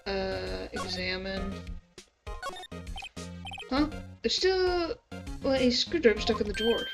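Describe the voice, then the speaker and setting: A woman's voice: mid-range voice, unhurried, pauses often, poor audio. A woman streamer playing a game and reading its dialogue aloud, with casual mumbled asides. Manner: casual, mumbled asides between read lines. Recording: music playing behind.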